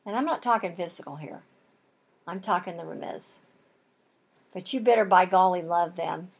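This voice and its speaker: A woman's voice: on the low side, moderate pace, husky. A woman teaching a Bible lesson in an earnest, emphatic way, using folksy turns of phrase and building intensity as she makes her points.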